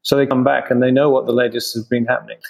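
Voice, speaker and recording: A man's voice: mid-range voice, level tone, fast, vocal fry, husky, poor audio. A man in an interview, a craft brewer answering questions with many restarts and fillers.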